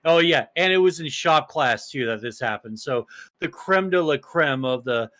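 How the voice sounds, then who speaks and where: A man's voice: fairly high pitch, expressive, normal speed, a bit bright. A young man co-hosting a casual podcast, telling stories in a rambling, profane way, full of restarts and fillers. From small town. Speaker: podcast co-host.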